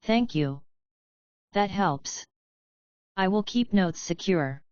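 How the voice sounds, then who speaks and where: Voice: mid-range voice, expressive, slow, a little mellow, no room sound, lo-fi sound. A woman voicing a polite, methodical female unicorn scholar who asks formal questions.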